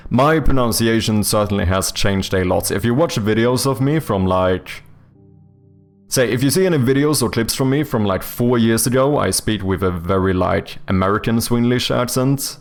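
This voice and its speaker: A Swedish man speaks English with an accent that leans British, and his voice sits a little low with a gravelly edge. He chats loosely with his stream, full of "like" and restarts. Faint music plays behind him. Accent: Swedish speaker leaning toward a British accent. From Sweden. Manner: rambling, chatty, many fillers and restarts. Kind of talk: casual livestream chat, reading and answering chat.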